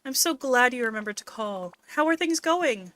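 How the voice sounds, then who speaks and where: A woman voicing a warm, doting middle-aged mother who fusses affectionately over her child. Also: a little high, expressive, moderate pace. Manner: sweet, fussing, affectionate. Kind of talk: reading game dialogue aloud on a stream.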